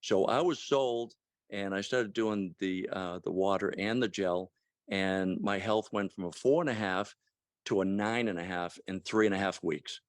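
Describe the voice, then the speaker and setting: A man in his sixties giving a casual testimonial on a call, halting with many fillers and restarts. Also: deep voice, dry recording, studio quality. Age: 60s.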